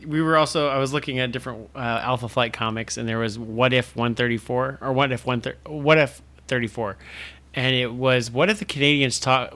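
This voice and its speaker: A man co-hosting a comics podcast in casual chat, halting and laughing easily. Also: mid-range voice, sharp tone. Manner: hesitant, restarts, laughs easily. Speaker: podcast co-host.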